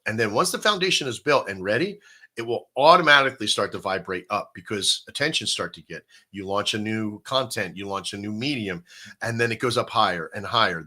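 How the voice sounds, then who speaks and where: A man with a low-pitched voice that still sounds bright and forceful. He explains things in an animated, conversational way and keeps checking in with his listeners. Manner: animated, explaining with rhetorical "right?". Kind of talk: casual live-stream chat.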